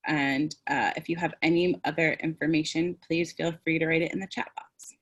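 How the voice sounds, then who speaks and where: A woman's voice: deep voice, steady tone, normal speed, fairly bright tone, slightly rough. A woman presenting a teaching webinar, demonstrative, acting out tones and phrases as she explains. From United States.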